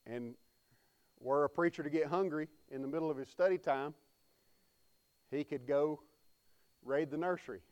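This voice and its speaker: A man's voice: fairly high pitch, moderate pace, long pauses, darkish tone, clear, resonant tone, muffled recording. A man preaching a sermon, telling folksy stories and calling on the congregation to respond. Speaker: pastor.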